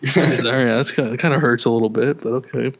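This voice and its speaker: A man's voice: mid-range voice, fairly even intonation, a little fast, very noisy. Rambling, joking male podcast co-host. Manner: rambling, joking, trailing off mid-thought. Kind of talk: casual chat. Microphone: podcast microphone.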